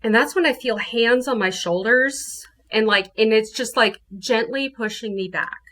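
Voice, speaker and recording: A woman from New Orleans, a guest telling her ghost story in casual, animated talk. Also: on the high side, moderate pace. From New Orleans, USA. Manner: animated, acts out her own quotes.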